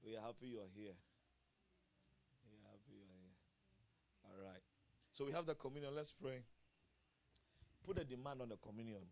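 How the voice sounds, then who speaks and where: A male pastor preaching a sermon at a church service, chuckling often and swinging from quiet murmurs to loud exclamations. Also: mid-range voice, normal speed, vocal fry, pauses often.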